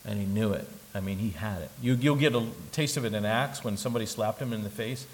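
A male pastor preaching a sermon with a gravelly, creaky edge to his voice. He moves between soft, conversational asides and loud, emphatic bursts, with humorous asides. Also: on the low side, quick pace, slight background noise, low-quality recording. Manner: humorous asides and joking impressions.

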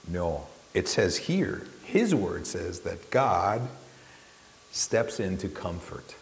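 A man preaching a sermon with impassioned swings in pitch and loudness, often repeating words as he restarts a phrase. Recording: echoey hall with faint hiss.

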